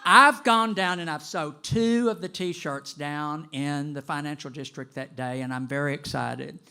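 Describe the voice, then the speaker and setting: Older man, sixties, storyteller, fairly high voice, gravelly edge, dramatic pauses. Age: 60s. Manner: animated, gossipy, dramatic pauses. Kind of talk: personal storytelling to a live audience.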